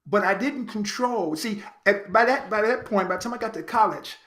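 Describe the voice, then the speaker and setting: A man from Chicago, a podcast guest, telling his life story in an earnest, animated way and repeating phrases for emphasis. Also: high-pitched, moderate pace. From Chicago, United States. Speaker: podcast guest, actor and writer. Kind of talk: reflective personal storytelling.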